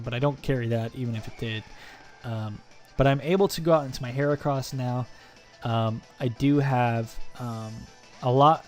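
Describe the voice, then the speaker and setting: A man's voice: medium pitch, a little mellow. Young man joking through battle commentary. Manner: joking, self-mocking play-by-play. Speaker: gaming channel host. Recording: faint music behind.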